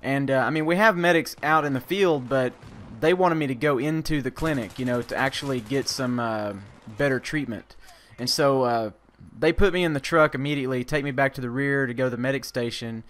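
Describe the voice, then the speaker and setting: A man's voice: mid-range voice, brisk, fairly bright tone. A man in a mid-range voice spinning a loose, casual yarn about his army days. He wanders through the telling with lots of fillers and false starts, and drops the odd curse word along the way. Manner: rambling, many fillers and restarts; swears casually. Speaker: army veteran vlogger. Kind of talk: casual storytelling.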